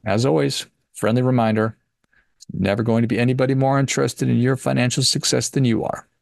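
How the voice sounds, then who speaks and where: A man's voice: mid-range voice, fairly even intonation, brisk, gravelly, a little mellow, dry recording, studio quality. A man hosting a personal finance podcast who gives a casual motivational talk in an emphatic, preachy way and repeats his points.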